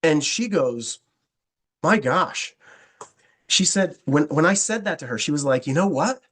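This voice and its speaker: A man coaching a sales team, talking fast and acting out both sides of phone calls as he goes. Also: on the high side, animated, a bit bright. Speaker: network marketing trainer. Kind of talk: coaching talk with sample scripts.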